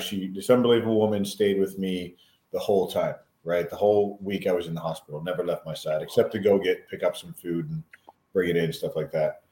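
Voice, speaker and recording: Male podcast co-host; very low voice, hesitant reflective delivery, echoey room. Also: dark tone. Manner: halting, reflective, frequent restarts and throat clearing. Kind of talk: casual chat.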